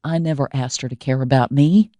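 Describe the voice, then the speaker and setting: A woman's voice: very deep voice, a little fast, no echo. A woman voicing a guarded, stubborn grown man in an audiobook, clipped and curt. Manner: clipped, flat, curt replies. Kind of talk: audiobook character voice.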